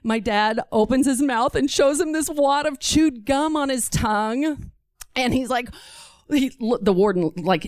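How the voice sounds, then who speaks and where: A woman from Texas telling a comic personal story on stage, animated and acting out every voice. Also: fairly high pitch, normal speed, no room sound, studio quality.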